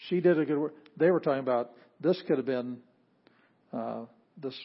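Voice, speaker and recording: Man teaching Greek, slow halting reading. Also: mid-range voice, breathy edge, dull audio. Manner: reads Greek word by word, halting. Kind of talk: classroom lesson.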